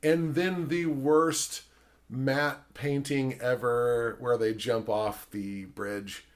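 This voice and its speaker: A man's voice: mid-range voice, very slow. Rambling man swearing about movies. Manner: rambling, swears often, lots of fillers; acts out quotes in animated voices. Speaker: podcast host. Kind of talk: casual film discussion.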